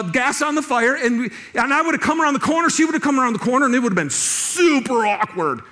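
A middle-aged male pastor giving a sermon, telling a personal story with lively restarts and laughter. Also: high voice.

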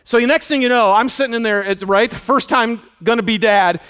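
A man preaching a sermon in an auditorium, telling stories with lively acted-out dialogue. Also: a little fast, smooth. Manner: animated storytelling, acts out dialogue with loud high shouts. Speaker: pastor.

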